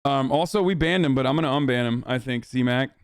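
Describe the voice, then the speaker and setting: Man with a smooth, dry, profane ramble. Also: medium pitch, a little fast, no echo. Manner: profane, rambling, addresses chat. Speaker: streamer reacting to clips. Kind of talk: casual live-stream commentary.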